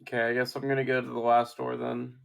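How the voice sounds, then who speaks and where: Gravelly-voiced male player. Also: mid-range voice, completely flat delivery, quick pace. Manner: hesitant, short replies. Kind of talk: casual tabletop play.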